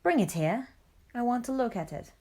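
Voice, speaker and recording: A woman's voice: a little high, expressive, moderate pace, dark tone, voice pushed up. Mother Wolf, a woman playing a brave wolf mother. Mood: calm. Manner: bold, protective. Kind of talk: storybook reading.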